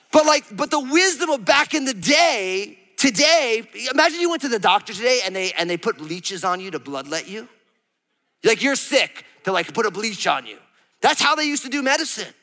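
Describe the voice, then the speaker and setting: Playful pastor guy preaching, high bright voice, long echo of a big church hall. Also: expressive, fairly quick. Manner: playful, acts out quotes, asks the crowd. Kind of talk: sermon.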